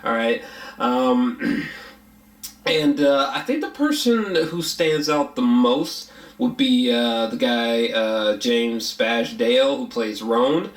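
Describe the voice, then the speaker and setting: Male film reviewer, mid-pitched, loose and profane delivery, echoey room. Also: big pitch swings, slow pace. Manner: rambling, frequent fillers and restarts, blunt with profanity. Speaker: movie reviewer. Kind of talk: casual spoken film review. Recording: roomy echo.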